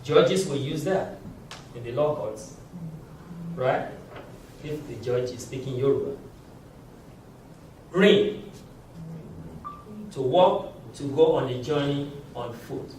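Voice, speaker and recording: A man teaching a language class, giving slow, patient explanations and chuckling often. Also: mid-range voice, expressive, a little mellow, slight background noise. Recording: very echoey room, mic far off.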